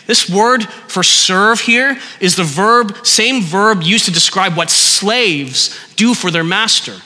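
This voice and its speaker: A man preaches a sermon, earnest and deliberate, slowing on key words and letting phrases sink low at their ends. His voice is very bright and slightly high, and it rings out with a long reverb as if in a large hall. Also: animated. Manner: earnest, slows for emphasis, voice drops at phrase ends.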